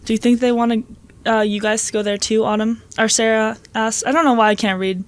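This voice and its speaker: A woman's voice: fairly high pitch, fairly even intonation, brisk. A young woman chatting with a friend and stumbling while reading a story aloud, laughing and swearing. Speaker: co-host. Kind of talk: casual chat and reading aloud.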